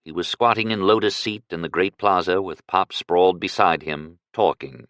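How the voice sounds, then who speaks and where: Brief: expressive audiobook narrator, man, low-pitched and dry. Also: no echo. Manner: measured, expressive storytelling. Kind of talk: scripted narration.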